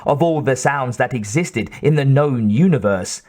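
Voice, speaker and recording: A man reading an audiobook in a measured, even scripted narration. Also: mid-range voice.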